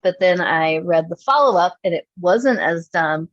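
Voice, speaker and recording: A woman's voice: on the low side, expressive, a little slow, no room sound, muffled recording. A woman casually chatting as a podcast co-host, laughing often and acting out quotes while she tells stories. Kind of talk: casual chat, storytelling.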